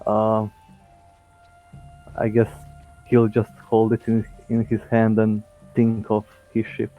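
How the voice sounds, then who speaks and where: A man's voice: fairly low pitch, completely flat delivery, slow, faint music behind. A man playing in a tabletop game, speaking hesitantly with lots of fillers. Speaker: player. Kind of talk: casual tabletop play. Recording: tinny phone-like line.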